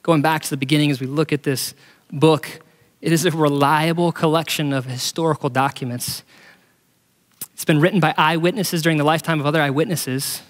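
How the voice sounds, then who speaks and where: A man's voice: fairly high pitch, fairly even intonation, fairly quick. Earnest male pastor in a reverberant hall. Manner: earnest, acts out dialogue voices for illustrations. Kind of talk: sermon. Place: church auditorium.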